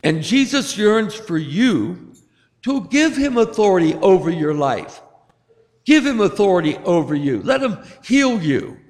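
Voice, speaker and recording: A man's voice: high-pitched, big pitch swings, a little slow, darkish tone. A male pastor giving a sermon, telling stories and acting out voices with rising emphasis. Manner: storytelling preacher, acts out voices with rising emphasis. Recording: long hall reverb.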